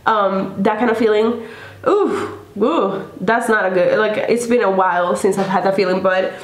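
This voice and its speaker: A woman's voice: medium pitch, normal speed. A young woman hosting a casual music reaction video, gushing and effusive, filling her talk with "like" and "literally.". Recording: echoey room with music playing. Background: faint music.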